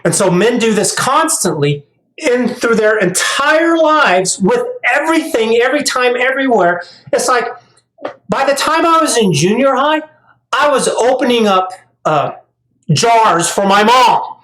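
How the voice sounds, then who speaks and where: A man's voice: very high voice, animated, unhurried, a bit bright. A middle-aged man talking casually and at length, stumbling over repeated words and growing emphatic as he rants. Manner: rambling, repeats words on restarts; gets emphatic and ranting. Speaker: vlogger. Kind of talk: casual monologue. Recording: echoey room.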